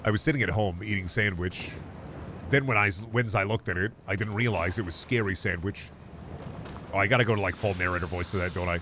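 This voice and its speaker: A man's voice: deep voice, quick pace, bright, forceful tone, slight background noise. A young man casually commenting on a game stream, rambling, jokey and profane. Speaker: gaming streamer.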